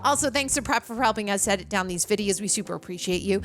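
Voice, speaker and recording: A woman's voice: medium pitch, fast, a bit bright, a little hiss or hum. A young woman co-hosting a movie reaction show, talking in a bubbly, chatty way full of asides. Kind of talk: casual chat.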